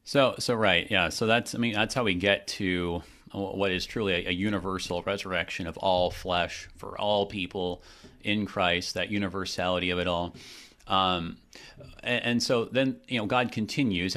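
Animated low-voiced man teaching scripture. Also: moderate pace. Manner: animated, acts out quotes, many restarts. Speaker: Bible study podcast co-host. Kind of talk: conversational Bible teaching.

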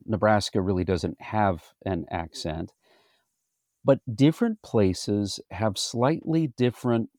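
A man who is a pastor, teaching a Bible study in a deliberate, explanatory way. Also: on the low side, a little mellow, dry recording, clean studio sound.

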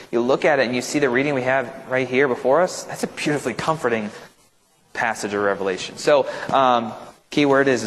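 In a large, echoey church room, a pastor leads a casual Bible study. His voice is mid-range and a bit bright. Speaking conversationally, he keeps checking in with "right?", and the audio carries hall reverb.

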